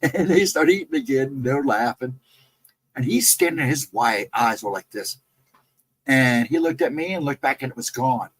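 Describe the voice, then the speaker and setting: A man's voice: medium pitch, animated, moderate pace, breathy edge, poor audio. A man casually recounting his own ghost encounters in a rambling, self-correcting way. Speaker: guest storyteller.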